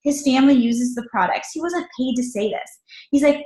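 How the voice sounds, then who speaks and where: A woman's voice: high-pitched, fairly quick, warm tone, reverberant. A woman hosting a team call, talking in an enthusiastic, motivational way. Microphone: call audio.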